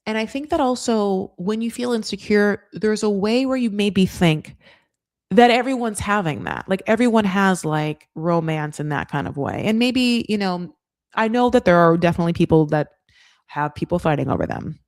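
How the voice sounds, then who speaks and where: A woman's voice: medium pitch, expressive, a little mellow, no echo, studio quality. A woman hosting a casual reality TV recap, talking in a rambling, chatty way full of fillers. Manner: acts out cast members in quick quoted voices.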